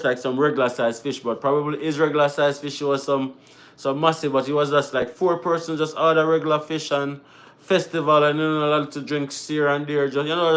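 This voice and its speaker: A man's voice: a little high, a bit bright. A man hosting a live Q&A stream, chatting casually, laughing often and slipping into patois as he reads viewer comments aloud.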